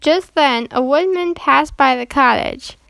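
Female storybook reader, gentle and measured, high-pitched, dry studio sound. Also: vocal fry, no room sound. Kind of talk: reading a children's storybook aloud.

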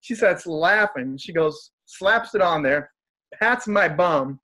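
Upbeat joking man, slightly high voice. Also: expressive, slow pace, bright, forceful tone. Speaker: guest, motivational speaker. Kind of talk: casual storytelling in conversation.

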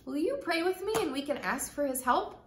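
A woman telling a children's story in an expressive storytelling manner, then talking to kids about it as a church storyteller. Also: high-pitched, a little fast, a little hiss or hum. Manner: expressive, sing-song storytelling. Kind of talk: read-aloud story and children's message. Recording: echoey room.

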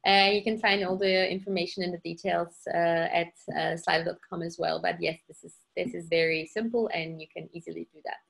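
A woman's voice: on the low side, steady tone, a little fast, creaky, few pauses, a bit bright. A woman co-hosting a webinar, explaining things in a friendly way with some hesitations. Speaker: webinar co-host. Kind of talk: casual webinar Q&A.

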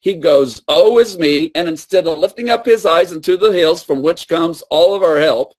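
A man's voice: a little high, moderate pace. A man preaching a sermon and teaching with emphatic, repeated phrases.

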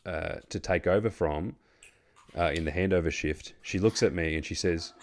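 Australian male host, very low voice, rambling casual storyteller who swears. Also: moderate pace. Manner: rambling, many fillers and restarts, swears freely.

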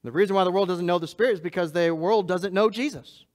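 A male pastor preaches with emphasis and repetition, his lines swinging between loud and hushed as he speaks directly to the congregation. He is high-pitched and fast, and he laughs at himself.

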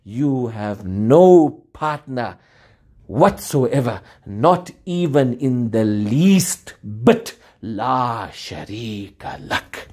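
A man's voice: mid-range voice, expressive, extremely slow, mellow. A middle-aged man preaching a sermon with fervor, repeating phrases and chanting Arabic supplications. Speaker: Islamic preacher.

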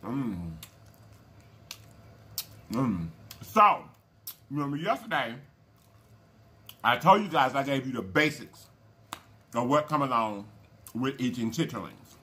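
A man's voice: medium pitch, big pitch swings, takes it slowly, pauses often, pushed and bright, a little hiss or hum. A man hosting a casual eating show, folksy and chatty, calling viewers y'all and baby and humming over his food. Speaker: mukbang channel host.

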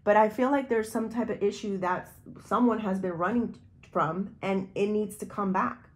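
A woman's voice: mid-range voice, moderate pace. A woman giving a tarot reading, talking straight to the viewer in a rambling, intuitive way. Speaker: tarot reader.

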